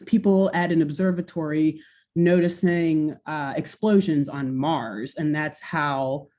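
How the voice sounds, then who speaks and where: Chatty woman telling a story, lowish voice. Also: unhurried. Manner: animated, lots of filler "like". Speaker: podcast co-host. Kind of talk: casual storytelling chat.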